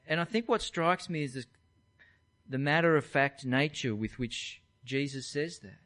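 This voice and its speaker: A man's voice: a little high, measured pace, fairly bright tone. A man, preaching by talking through a Bible passage verse by verse in a conversational way. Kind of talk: expository Bible teaching.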